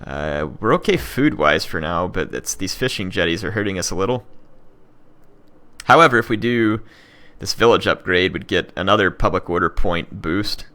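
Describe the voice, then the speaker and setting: A young man narrates his strategy game turn in a deep voice with a bright, pushing edge to it. He talks casually, thinking out loud, trailing off into ums and half-finished restarts. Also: animated, normal speed. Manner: thinking aloud, many fillers and restarts. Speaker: gaming channel host. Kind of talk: casual let's-play commentary.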